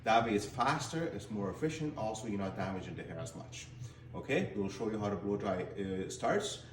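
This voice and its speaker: A man's voice: on the low side, lively intonation, a little fast, a little hiss or hum. Man giving a hair-drying tutorial. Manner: instructive, repeats words often. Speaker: hair stylist. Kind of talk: casual how-to demonstration. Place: hair salon. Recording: echoey salon room, faint ambience.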